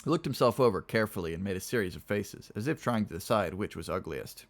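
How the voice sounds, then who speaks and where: A man's voice: fairly low pitch, lively intonation, fast talker. A man reading a novel aloud on a stream, narrating plainly and chatting with viewers between passages. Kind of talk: casual read-aloud narration.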